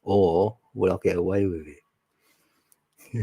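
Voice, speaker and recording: A man's voice: deep voice, steady tone, slow pace, vocal fry, mellow, slightly rough. A man, chatting casually with viewers on a live stream, laughing often and teasing them.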